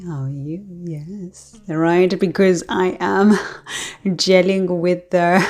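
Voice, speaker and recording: A woman's voice: on the low side, darkish tone. A woman astrologer talking casually to her viewers, chatty and often breaking into laughter between thoughts. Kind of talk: casual talk to camera.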